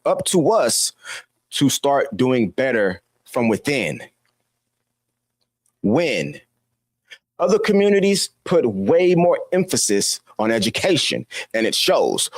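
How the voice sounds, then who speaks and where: A man delivering a scolding, preachy commentary monologue full of rhetorical questions. His voice sits a bit high and swings widely up and down as he presses each point. The sound is dry and close, with no room around it. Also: no echo. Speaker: political commentator. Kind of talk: opinion monologue to camera.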